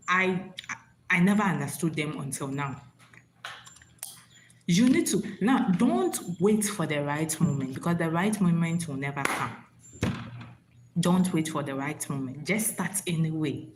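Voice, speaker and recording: Low-voiced woman preaching on a live stream. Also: lively intonation, unhurried, slight background noise, rough recording. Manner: preachy, repeats herself, asks "you understand?". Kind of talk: motivational live-stream talk.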